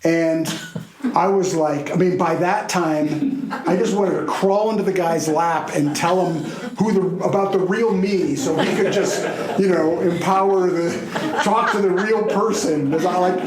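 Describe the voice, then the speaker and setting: A man, a podcast guest and keynote speaker, telling a story in a lively way and laughing now and then. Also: high-pitched, a little slow, echoey room, crowd noise, poor audio.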